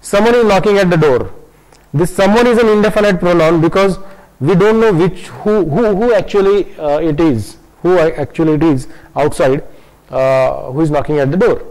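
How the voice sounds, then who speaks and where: Hesitant grammar teacher. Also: male voice, a little high, normal speed, a little mellow, rough recording. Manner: hesitant, many fillers and restarts, switches into Hindi to explain. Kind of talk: online lesson.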